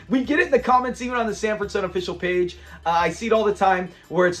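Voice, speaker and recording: High-voiced man gleefully recapping a sitcom. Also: quick pace, few pauses, faint music behind. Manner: animated retelling, laughs often, mimics lines. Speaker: show reviewer. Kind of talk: casual episode recap.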